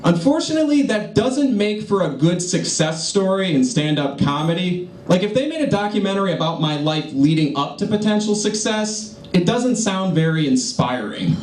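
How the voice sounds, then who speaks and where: A man's voice: sits high, very animated, normal speed, few pauses, distant mic. A man in his twenties doing a stand-up set with dry one-liner delivery on a hotel lounge stage. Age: 20s. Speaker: stand-up comedian. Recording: echoey lounge, noisy live audience.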